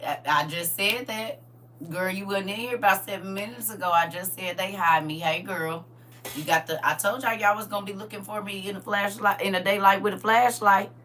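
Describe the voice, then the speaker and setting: A woman leads a live-streamed Bible lesson with a bright, forceful voice, her tears close to the surface. She talks to her viewers in a chatty, animated way, calling them baby and honey. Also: medium pitch, normal speed, distant mic. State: tearful, emotional. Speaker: Bible study host.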